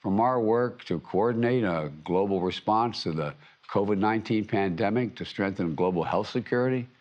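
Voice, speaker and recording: An older man delivering a formal prepared speech as a head of state, measured, with frequent restarts and repeated words. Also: fairly low pitch, darkish tone. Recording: dull lo-fi livestream audio.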